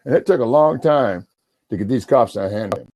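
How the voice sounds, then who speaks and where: A man's voice: medium pitch, expressive, a little fast, no echo. Profane man ranting on a livestream. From Washington State, US. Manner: profane, emotional, swinging between mumbling and yelling. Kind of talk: rambling livestream rant.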